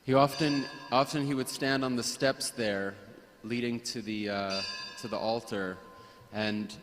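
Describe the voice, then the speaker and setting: A man sharing personal memories at a memorial gathering, hesitant, with frequent restarts and soft laughs. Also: mid-range voice, fairly even intonation, measured pace, long reverb tail, soft background music. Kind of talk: personal reminiscence.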